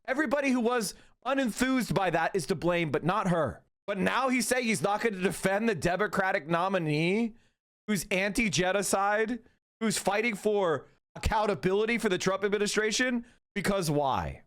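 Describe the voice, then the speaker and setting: A man's voice: sits high, lively intonation, normal speed, a bit bright. A man hosting a casual livestream, reacting to clips with profane, heated, mocking rants. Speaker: streamer host.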